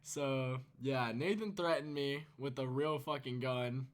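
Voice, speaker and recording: A man's voice: mid-range voice, measured pace. A teenage man telling a storytime vlog, casual and profane, rambling and laughing. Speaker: YouTuber.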